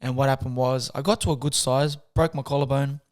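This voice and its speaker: A soft-spoken young man, telling his story in a casual interview. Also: medium pitch, fairly even intonation, brisk. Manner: soft-spoken, chatty, acts out quotes with slang. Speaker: guest, boxer.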